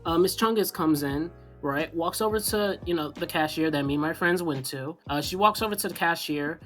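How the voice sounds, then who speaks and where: A man's voice: high-pitched, a bit bright. A young man telling a story in a rambling, sarcastic way, full of fillers. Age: young adult. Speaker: storytime vlogger. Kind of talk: casual storytelling.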